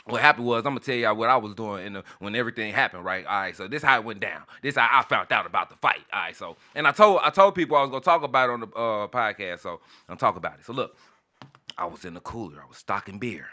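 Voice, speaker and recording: A man's voice: on the low side, fast talker. A man with a St. hosting a radio show, telling a story in casual chat and acting out the people in it. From St. Louis. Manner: animated storytelling, acts out quoted voices.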